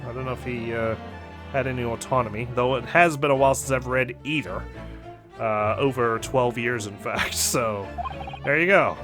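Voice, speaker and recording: A man's voice: mid-range voice, normal speed. A man casually commenting while he plays a game, chatty and self-deprecating. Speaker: let's play host. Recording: game music behind voice.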